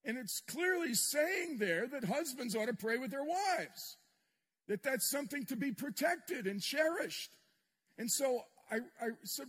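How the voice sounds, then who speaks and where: Older man preaching, high husky voice. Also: lively intonation, unhurried, fairly bright tone. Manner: candid, self-deprecating storytelling with humor. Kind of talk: sermon storytelling. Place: church sanctuary with congregation. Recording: long reverb in a large hall.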